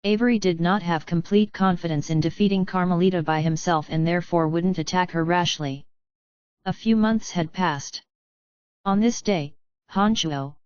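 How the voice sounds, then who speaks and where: A woman narrates a fantasy audiobook at an even, unhurried pace, her voice low and smooth. The recording is dry and close, with a slightly dull, lo-fi tone. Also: no echo.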